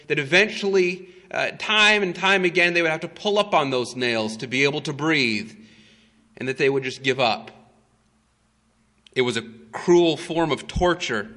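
A man preaching a sermon, his voice bright and forceful and set a little high. He tells the story with slow emphasis and frequent "uh" fillers. Long reverb from a large hall trails behind his words.

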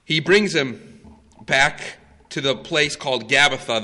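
Slow, dramatic male preacher. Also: medium pitch, bright, forceful tone, long reverb tail. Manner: dramatic, emphatic retelling with long pauses. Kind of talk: sermon storytelling.

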